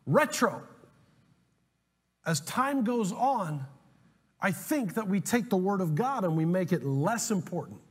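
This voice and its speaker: A man preaching a sermon as pastor, animated and emphatic, telling humorous stories to make a point. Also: high-pitched, unhurried, pauses often, slightly rough. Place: church sanctuary. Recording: long hall reverb, faint music.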